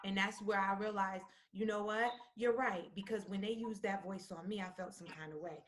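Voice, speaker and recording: A woman guest in a casual live-stream conversation, speaking at a medium pitch. She reflects aloud, pausing and filling gaps with "um" and "like" as she gathers her thoughts, over a phone or webcam mic. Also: steady tone, slight background noise. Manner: thoughtful, halting, with many fillers. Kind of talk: casual chat.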